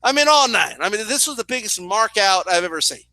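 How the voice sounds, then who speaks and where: A young man telling a story in a casual, animated way, swearing and often asking "right?". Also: high voice, a little fast, dry recording. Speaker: boxing and wrestling commentator.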